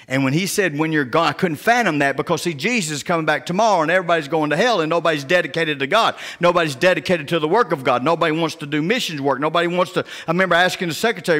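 A male pastor preaches in a folksy, down-home manner, slipping into quiet, hushed tones as he tells his stories. His voice sits on the high side for a man. The long reverb of a church sanctuary trails after his words. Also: fast. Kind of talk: sermon.

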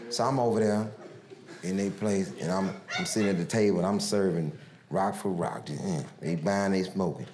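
A man doing stand-up storytelling, acting out street characters with big swings in his voice. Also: a little fast. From Houston, Texas. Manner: animated, acts out characters with big pitch swings. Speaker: stand-up comedian. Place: large live comedy venue. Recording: roomy live stage recording with loud crowd noise. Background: audience laughter.

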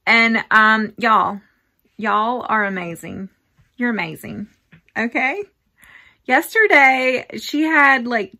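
A woman's voice: fairly high pitch, pushed and bright. Chatty woman farm vlogger. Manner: chatty, heartfelt, says y'all a lot. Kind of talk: casual vlog chat to camera.

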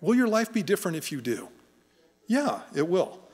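A man's voice: high-pitched, sing-song, normal speed, a little mellow. A middle-aged male pastor preaching in a conversational, folksy storytelling way in a church. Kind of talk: conversational sermon. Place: church sanctuary. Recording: long church reverb.

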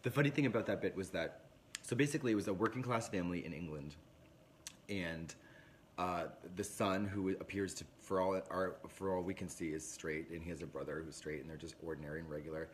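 Rambling, low-voiced man on a livestream. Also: a little fast, a little hiss or hum. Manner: rambling, profane, animated storytelling. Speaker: livestream host. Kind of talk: casual livestream chat. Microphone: phone.

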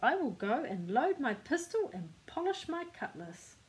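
A bold, sharp-tongued old pirate woman, as a grandmother puts her on while reading a storybook aloud. The voice is a little higher and louder than her plain reading, lively and commanding. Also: a little slow, low-quality recording.

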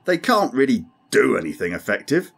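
A man's voice: mid-range voice, very animated, moderate pace, vocal fry, husky, voice pushed up, exaggerated voice. A man voicing a brusque, commanding male alien starship captain who demands answers. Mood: skeptical.

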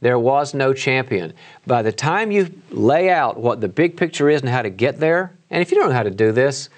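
A middle-aged man lectures on leadership at a university in a loose, conversational way. He turns animated as he acts out colleagues' voices in meetings. His sentences often break off and restart. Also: medium pitch, normal speed. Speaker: guest lecturer.

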